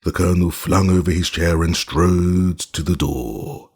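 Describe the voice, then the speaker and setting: A man narrating an audiobook in a measured, even storytelling manner. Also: low-pitched, husky. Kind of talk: scripted narration.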